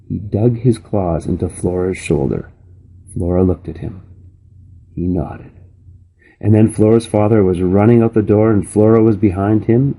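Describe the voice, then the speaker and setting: A man reading a children's novel aloud in a calm, measured storytelling manner. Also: lowish voice, slightly rough, low-quality recording. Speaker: reader.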